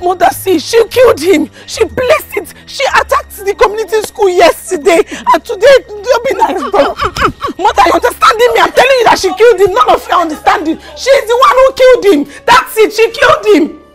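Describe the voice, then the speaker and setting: A woman's voice: very high voice, lively intonation, fairly quick, faint music behind. An actress playing an agitated young Nigerian woman who insists on her accusation. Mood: insistent. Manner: insistent, repeating herself.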